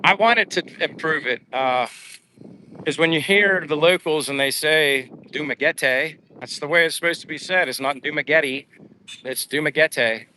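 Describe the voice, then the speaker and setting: A man from the US chats on a live stream while taking his daily outdoor walk along a seaside boulevard, reading viewers' comments aloud and filling gaps with lots of fillers. His voice sits a little high, moves at normal speed, and sounds bright and forceful over slight background noise.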